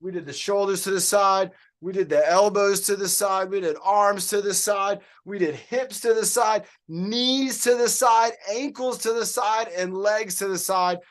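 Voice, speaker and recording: An upbeat man coaching an online workout class over a video call. His voice sits notably high for a man, and he keeps an encouraging tone as he praises students by name. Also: measured pace, hardly any pauses. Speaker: fitness coach.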